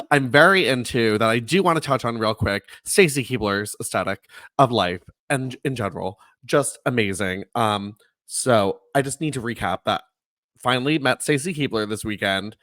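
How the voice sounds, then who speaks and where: A young man co-hosting a podcast, telling stories in a lively, animated way, laughing often and acting out quotes in a high voice. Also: normal speed, dry recording. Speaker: podcast co-host. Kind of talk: casual chat.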